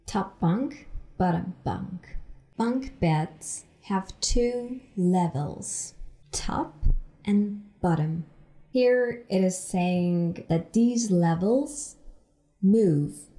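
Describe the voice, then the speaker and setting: A woman gives an English lesson, speaking slowly and repeating phrases so learners can follow. Her voice sits low and sounds soft and mellow, and she takes her time over each word. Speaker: English teacher. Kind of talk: explaining language lesson.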